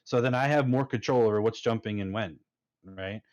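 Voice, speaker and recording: A man's voice: on the low side, brisk, darkish tone. Emphatic man on a lo-fi line. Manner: emphatic, keeps adding "right?". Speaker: panel guest, fleet commander. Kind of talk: casual panel discussion.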